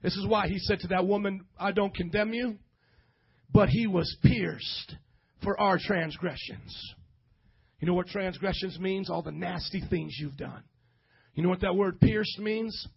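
Husky high-voiced preaching man. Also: unhurried, highs cut off. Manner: preaching with rising shouts and audience call-and-response. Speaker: pastor. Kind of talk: sermon.

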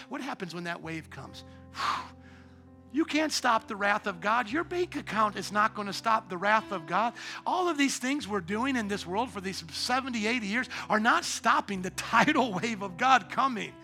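A man preaching a sermon as pastor, swinging from quiet asides to loud, shouted exhortation. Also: high voice, lively intonation, normal speed, soft background music. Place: church sanctuary.

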